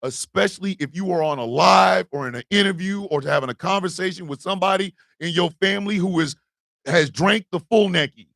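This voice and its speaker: A man hosting a morning show, delivering a profane, impassioned rant that swings from hushed pleading to shouting. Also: high-pitched, brisk, gravelly, dry recording. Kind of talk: ranting monologue.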